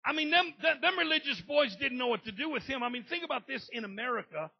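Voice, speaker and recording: Gravelly preacher swinging from murmur to shout. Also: male voice, very high voice, expressive, fast talker, highs cut off. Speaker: pastor. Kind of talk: sermon.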